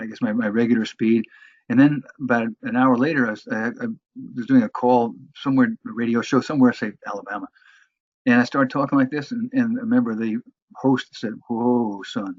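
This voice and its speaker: A man lectures on phone sales in a halting way, restarting his sentences often. His voice is husky and mid-pitched. The recording is dull and dry, with no room sound. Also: no echo. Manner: halting, many restarts and fillers. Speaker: sales trainer.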